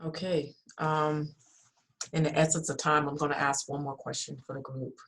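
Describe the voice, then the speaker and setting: A panel moderator with a flat, even delivery, asking the next question in a businesslike way. The voice sits in the middle range. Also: medium pitch, normal speed.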